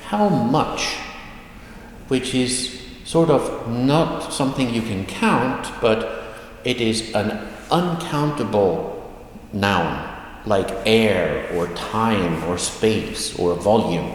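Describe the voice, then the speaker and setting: A man teaching an online language lesson, explaining words slowly and patiently and repeating them. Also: fairly low pitch, animated, slight background noise. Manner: slow, patient explaining with repetitions. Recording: echoey room with long reverb.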